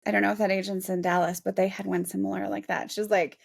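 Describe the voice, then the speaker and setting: A woman's voice: mid-range voice, level tone, fast talker, gravelly, hardly any pauses. A woman in her forties, a real estate agent, chatting in an interview in a self-deprecating, laughing way. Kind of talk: casual interview chat.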